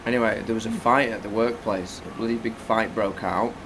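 Man, podcast co-host, slangy and deadpan storyteller, faint background noise. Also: fairly low pitch, a little fast. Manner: laid-back, wry, slangy. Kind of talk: casual storytelling.

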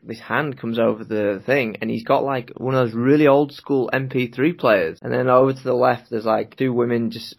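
A man's voice: mid-range voice, creaky, slightly rough. A man from Britain, co-hosting a podcast, telling a rambling anecdote and laughing often in casual chat. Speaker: podcast co-host.

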